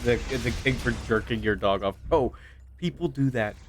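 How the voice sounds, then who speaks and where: A man's voice: medium pitch, animated, normal speed. A man streaming a video game and commenting casually, full of crude jokes and self-mocking banter. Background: game music and gunfire.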